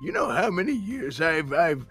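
A man's voice: on the high side, very animated, moderate pace, faint music behind, voice pushed up. A man playing a hot-tempered old husband who curses and rants. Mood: grumbling. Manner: cursing, ranting, yelling in bursts.

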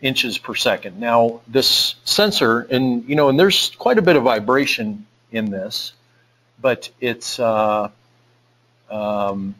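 A man's voice: medium pitch, takes it slowly, a bit bright, low-quality recording. A man presenting a technical webinar, walking through a live demo in a casual way with lots of fillers and restarts. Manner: casual, thinks aloud with many fillers. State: out of breath.

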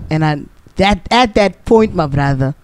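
Earnest South African man, high voice. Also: lively intonation, a little slow, clear, resonant tone. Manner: earnest, preachy, calls listener "bro". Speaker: podcast guest. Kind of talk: casual testimony. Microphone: studio mic.

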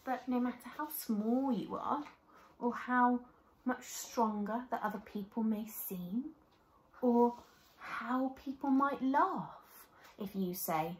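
Slow, gentle woman reading a children's story. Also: fairly high pitch, reverberant. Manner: gentle, expressive, addresses children directly.

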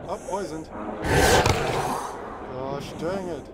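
A young man with a high voice commentates his gameplay, sliding between frustrated muttering and exasperated shouts. Loud game music plays beneath him the whole time. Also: animated, a little slow, pauses often. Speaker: gaming video host. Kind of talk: let's play commentary.

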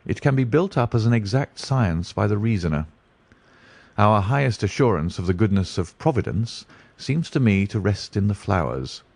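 Aloof genius detective in a storybook, low and deliberate, read by a man. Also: animated, gravelly, darkish tone, dry recording. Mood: musing. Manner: deliberate, musing. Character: brilliant, dreamy male detective, aloof.

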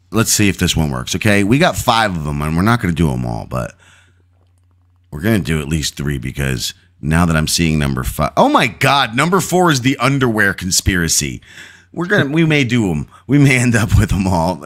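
A man's voice: sits low, a bit bright. A man co-hosting a podcast over a video call, joking in a loose, profane way. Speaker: podcast co-host. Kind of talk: casual chat.

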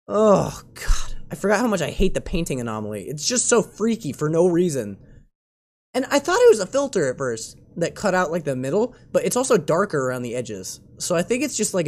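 A young man commenting on a horror game as he plays, thinking out loud, stressed, jumpy and swearing mildly. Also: on the high side. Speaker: gaming YouTuber. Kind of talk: let's play commentary.

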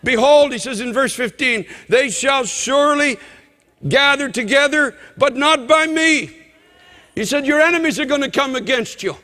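High, bright shouting preacher in reverb. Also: male voice, normal speed. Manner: fervent preaching, shouting scripture. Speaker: pastor. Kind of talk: sermon.

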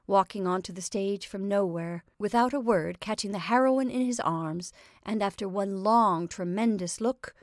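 A woman reading a short story aloud in a calm, even storytelling manner. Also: medium pitch, dry recording, studio quality. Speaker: reader.

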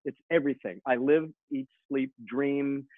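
A man in his sixties, a guest rock musician, telling stories in an excitable way with many repeated words and restarts, heard over a phone line. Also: medium pitch, moderate pace, no echo. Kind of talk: animated storytelling. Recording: tinny phone line, dry.

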